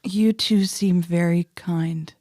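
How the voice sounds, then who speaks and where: A woman voicing a frightened young woman on the run, speaking in a hushed, hesitant way. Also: on the low side, fairly even intonation, slow, no room sound, clean studio sound. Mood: uneasy.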